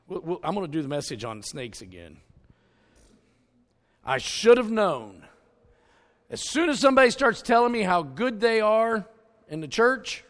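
A man preaching a sermon full of stories and jokes, with an animated, jokey delivery. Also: high-pitched. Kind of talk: storytelling sermon.

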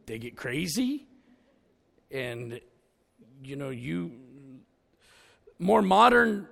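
A man preaching a sermon full of stories and jokes, with an animated, jokey delivery. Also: fairly high pitch, drawn-out words, vocal fry. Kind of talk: storytelling sermon.

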